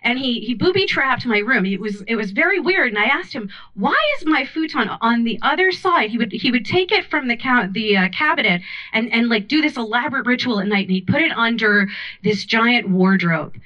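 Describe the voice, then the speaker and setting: Animated woman doing stand-up. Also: on the high side, fairly quick, muffled recording. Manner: animated storytelling with many voices. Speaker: stand-up comedian. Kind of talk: stand-up comedy set. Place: comedy club stage.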